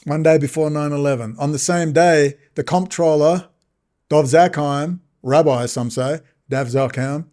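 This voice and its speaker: A man's voice: fairly high pitch, a little slow, darkish tone. A man hosting a solo political commentary, agitated, sarcastic and mocking. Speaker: host and commentator.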